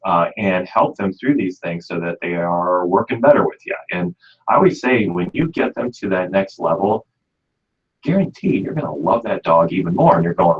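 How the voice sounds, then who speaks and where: A man's voice: sits low, lively intonation, moderate pace, breathy edge. A man with a Midwestern American accent hosting a pet radio show, chatting folksily and leaning on "you know.". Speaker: radio show host, pet store expert. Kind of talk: casual radio talk. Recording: dull lo-fi radio audio.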